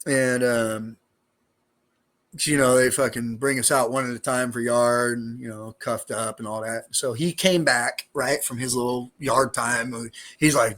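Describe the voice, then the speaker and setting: A man's voice: medium pitch, a little slow, a bit bright. Middle-aged man, former inmate guest, loose street slang, swears freely, rambles through stories. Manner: streetwise, profane, rambling with fillers. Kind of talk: casual storytelling interview.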